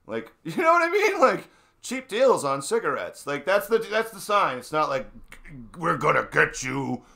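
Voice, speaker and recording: A man's voice: high voice, wildly swooping pitch, normal speed, bright, forceful tone. A man in a casual political chat, ranting and swearing, mocking the people around him. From New England. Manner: ranting, profane, mocking voices. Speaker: stream co-host.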